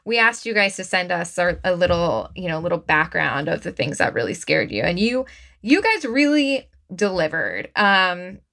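A woman hosting a podcast in casual chat, effusive and quick to laugh. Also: on the low side, big pitch swings, vocal fry, pushed and bright. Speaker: podcast host.

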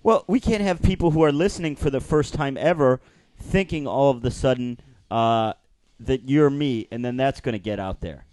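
A man hosting a casual podcast with friends, complaining loudly and theatrically. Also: medium pitch, moderate pace, no echo. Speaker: podcast host. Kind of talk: casual chat. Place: apartment in a big city.

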